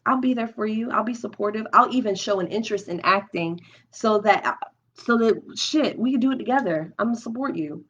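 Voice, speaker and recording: On a live stream at home, a young woman talks openly about personal experiences, her emotional reflections full of restarts as she thinks out loud. She speaks fairly quickly at a medium pitch, and the dull lo-fi audio carries a slight hiss or hum.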